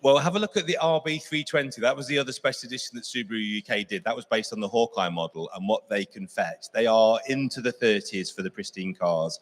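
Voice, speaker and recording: A man talks at a rapid clip about classic cars, eager and sure of his views. He sounds like a pundit alongside the auctioneer. The sound echoes around a large hall. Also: lowish voice. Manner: fast, enthusiastic, opinionated. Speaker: car expert commentator. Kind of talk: expert commentary.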